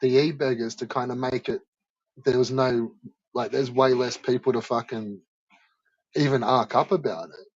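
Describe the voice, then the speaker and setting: A man's voice: mid-range voice, fairly even intonation, normal speed, husky, dry recording, highs cut off. A man streamer in casual chat, laid-back and rambling, with casual swearing.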